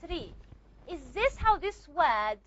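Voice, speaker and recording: A woman's voice: very high voice, lively intonation, normal speed, sharp tone, lo-fi sound. A woman teaching a classroom lecture, repeating and modeling sounds and checking often that students follow.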